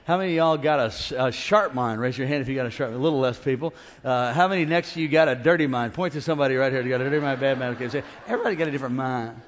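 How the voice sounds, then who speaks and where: A middle-aged man preaching a sermon as pastor, animated and calling out to his congregation. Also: mid-range voice, very fast. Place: large church auditorium. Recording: reverberant church hall.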